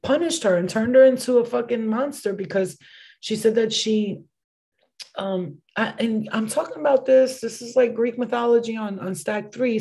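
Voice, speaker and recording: A young woman doing a casual tarot reading, excitable and swearing freely, with bursts of exclamations. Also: fairly high pitch. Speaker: tarot reader.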